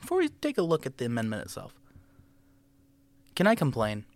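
A man's voice: mid-range voice, wildly swooping pitch, fairly quick, no room sound. A young American man co-hosting a casual political podcast, joking and rambling with lots of filler words. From United States. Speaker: podcast co-host.

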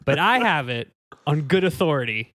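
Man playing a pompous demonologist, lecturing, dry close sound, slightly high voice. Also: big pitch swings, moderate pace, fairly bright tone, dry recording. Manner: mock-authoritative, lecturing, self-corrects. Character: pompous male podcast-owner demonologist, pedantic. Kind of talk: improvised comedy role-play.

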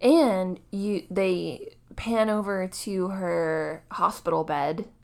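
A woman with a fairly low voice co-hosts a podcast in relaxed, casual conversation. She talks slowly and unhurriedly, easygoing and ready to laugh along. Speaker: podcast co-host. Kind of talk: casual chat.

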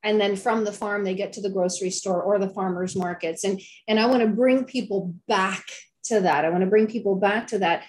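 A woman's voice: mid-range voice, steady tone, brisk. A middle-aged woman, a health and wellness chef, talking enthusiastically in an interview and often repeating herself for emphasis. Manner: enthusiastic, repetitive, preachy. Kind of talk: conversational interview.

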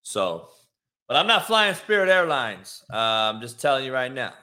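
A man running his own live stream rambles in casual talk, then erupts into a profanity-laced rant aimed at his chat. His mid-range voice is very animated and sharp in tone, at normal speed.

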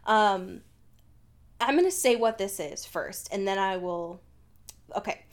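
A woman's voice: mid-range voice, lively intonation, slow. A woman co-hosting a podcast in casual chat, laughing often and swearing freely. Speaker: podcast co-host.

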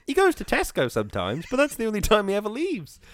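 Lively, animated man, podcast banter. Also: high voice, fast talker, no echo. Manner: playful, self-mocking, stammering restarts. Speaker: podcast co-host. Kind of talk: casual podcast chat.

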